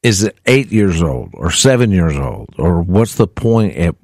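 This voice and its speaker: A man's voice: deep voice, big pitch swings, unhurried, a little mellow, no room sound, studio quality. A man from Georgia hosting a morning radio show, chatting casually and taking callers. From Georgia, outside Atlanta.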